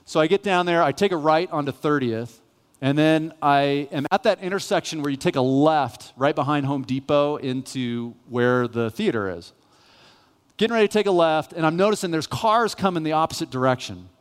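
A male pastor preaching a sermon, telling a self-mocking, animated story. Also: a little high, normal speed, clear, resonant tone. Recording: reverberant church hall.

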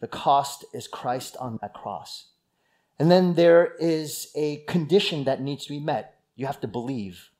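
A man's voice: fairly high pitch, lively intonation, measured pace, darkish tone. A male pastor preaching a sermon in a conversational teaching manner, stressing key words.

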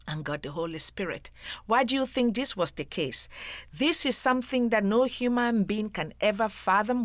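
Slow, earnest woman teaching the Bible. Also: mid-range voice, fairly bright tone, no room sound. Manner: earnest, slow and emphatic, addresses listener as friend.

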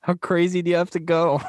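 A man with a fairly high voice chats casually about a favorite film, laughing often and repeating his phrases. The sound is dry and close, with no room echo. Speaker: podcast host. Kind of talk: casual movie chat.

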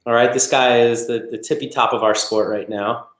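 A man's voice: medium pitch, fairly even intonation, moderate pace, slight background noise. Male podcast host in an echoey room. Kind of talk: casual podcast interview.

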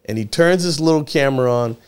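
A middle-aged man who was once a child actor appears as a guest in a casual chat, recounting a story from his childhood. He's an animated storyteller, acting out the people in it and quoting them in shifting voices. His voice is mid-range, smooth and a little fast.

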